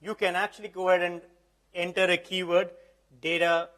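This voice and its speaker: Male presenter, high voice, casual live demo delivery, keeps checking in with the room. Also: little pitch movement, moderate pace, a bit bright. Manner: conversational, keeps checking the audience understands. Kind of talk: live tech demo talk. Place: event hall.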